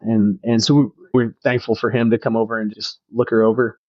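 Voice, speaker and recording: A man's voice: mid-range voice, flat delivery, brisk, dry recording. A man with a mid-range voice tells a personal story as a pastor on a podcast, earnest and reflective, circling back and restarting his phrases. The sound is dull and a little lo-fi, close and dry with no room around it.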